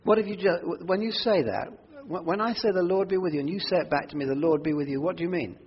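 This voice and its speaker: A man preaching a sermon to a church congregation, earnest, moving between quiet prayerful asides and loud emphatic declarations. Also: a little high, quick pace. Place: church hall. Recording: dull audio with long hall reverb.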